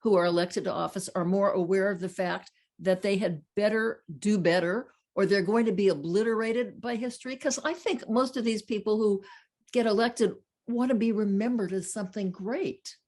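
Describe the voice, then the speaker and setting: A woman's voice: medium pitch, normal speed, a little mellow. An older woman hosting an interview, chatty and affirming, telling personal anecdotes as she talks. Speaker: host. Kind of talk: conversational interview.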